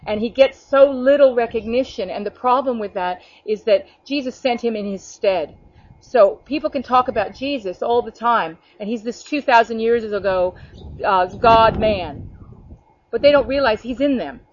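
A woman's voice: a little high, normal speed, dull audio. A woman teaching a small prayer group over a video call, speaking earnestly, addressing listeners by name and often checking in with "okay?". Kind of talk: spontaneous preaching to a small group.

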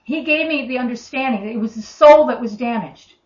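A woman with an Australian accent preaching a sermon, telling stories in a chatty, animated way. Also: on the high side, brisk. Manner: conversational, animated storytelling with acted quotes. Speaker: minister. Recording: echoey room, dull lo-fi sound.

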